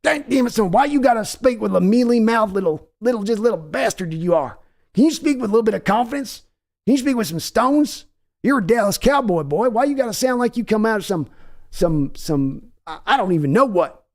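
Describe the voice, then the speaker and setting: A man's voice: high-pitched, expressive, a little fast, pitched above the performer's own voice. A man putting on the voice of a brash, cocky older Texan team owner who scolds his son. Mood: scolding, mocking. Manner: blustering, scolding, drawling.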